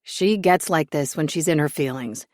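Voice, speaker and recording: A woman's voice: sits low, normal speed, a little mellow, dry recording, clean studio sound, close to an everyday voice. A woman voicing a cocky, teasing young man who is breezy and bossy, in a story reading.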